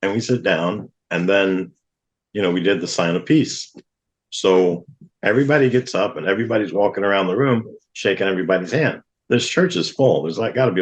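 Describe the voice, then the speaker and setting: A middle-aged man, a guest on a talk show, earnestly telling a personal testimony and acting out what others said. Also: lowish voice. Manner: earnest, vivid retelling with acted-out quotes.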